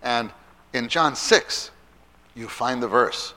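A man giving an animated Bible teaching talk to church children's workers, stressing and repeating key phrases. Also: medium pitch, takes it slowly.

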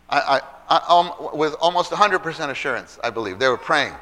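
A man's voice: on the high side, brisk, hardly any pauses, bright, forceful tone. A man teaching from the Bible in a conversational way, asking the audience questions and acting out the characters' lines as he tells the stories.

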